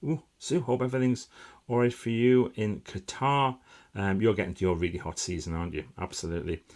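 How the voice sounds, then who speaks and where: Middle-aged guy chatting on a live stream, kinda low voice, upbeat and rambly. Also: steady tone, fairly quick, darkish tone. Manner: chatty and upbeat, with frequent fillers and bursts of enthusiasm. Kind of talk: casual live-stream chat reading out viewer comments.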